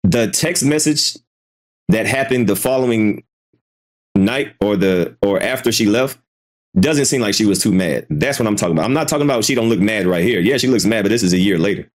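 A man's voice: on the low side, animated, brisk. A man hosting a casual live commentary stream, hesitant and repeating himself, swearing freely as he reacts. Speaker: commentary channel host.

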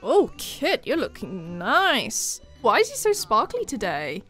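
Excitable woman commentating a game. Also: fairly high pitch, slow, slightly rough, faint music behind. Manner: excitable, with sudden shrieks and exclamations. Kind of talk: casual gameplay commentary.

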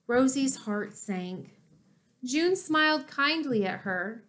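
A woman narrates a children's chapter book in an expressive storytelling way. Her voice is fairly high and very lively in pitch, and she reads at a slow, deliberate pace. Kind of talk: children's audiobook reading.

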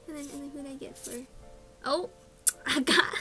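A young woman vlogger chatting casually through an unboxing, gasping and squealing with excitement. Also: sits high, normal speed. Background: background music.

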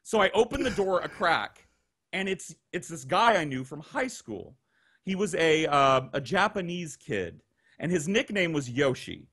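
A man on a remote call telling a crude podcast story. He talks in a raised, lively pitch that leaps up and down, and he swears and plays out each person's lines himself. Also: a little slow, breathy edge. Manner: profane, animated, acts out quoted voices. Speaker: guest storyteller.

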